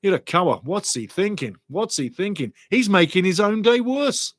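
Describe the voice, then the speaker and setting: A middle-aged man hosts a live football watch-along, calling the play with excitable, chatty energy. His voice sits a touch high, and the sound is dry and close with no room around it. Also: moderate pace, no echo. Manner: excitable, chatty, reads viewer comments aloud.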